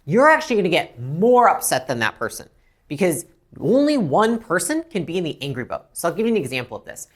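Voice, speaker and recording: This is a woman teaching business owners how to handle upset customers. She talks bluntly and with emphasis, her voice fairly low but moving lively up and down. She slips into quick acted dialogues between staff and customers. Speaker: business coach. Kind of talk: instructional talk to camera.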